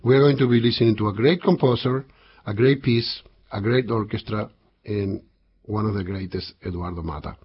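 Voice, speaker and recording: Low husky guy hosting a classical music radio show, kinda dull lo-fi sound. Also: fairly even intonation, moderate pace. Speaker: radio host and composer.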